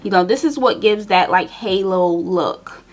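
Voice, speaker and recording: A young woman vlogger chatting casually to her viewers, telling a personal story while doing her makeup, animated and direct. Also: mid-range voice, measured pace. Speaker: beauty vlogger.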